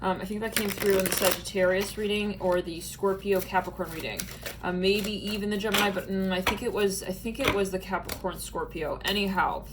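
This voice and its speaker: A woman's voice: medium pitch, heavy background noise. A woman giving a casual tarot reading, chatty and musing, often breaking into laughter. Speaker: tarot reader.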